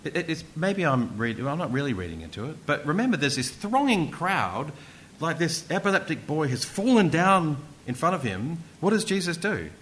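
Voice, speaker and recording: A man's voice: a little high, big pitch swings, moderate pace, fairly bright tone, slight background noise. A male preacher giving an interactive sermon, often asking the congregation questions and repeating words for emphasis.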